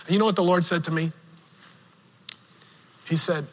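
A man preaching a sermon, telling a personal story slowly with emotional swings, from the pulpit of a church. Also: a little high, fairly even intonation, fairly bright tone, a little hiss or hum. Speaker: pastor. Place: church sanctuary. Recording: long reverb of a large hall.

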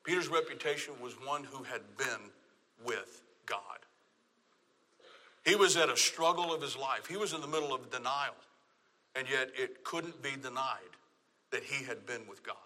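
A man's voice: mid-range voice, normal speed, bright, forceful tone, big-room sound. A man from Texas with a Texan accent, preaching a sermon with emphatic, repeated phrases. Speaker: pastor.

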